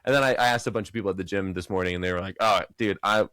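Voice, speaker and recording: A man's voice: low voice, rapid-fire, smooth, no room sound. A man co-hosting a podcast in casual chat, telling stories with animation and acting out other people's lines in a raised voice. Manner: animated storyteller, acts out quotes in raised voices. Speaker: podcast co-host.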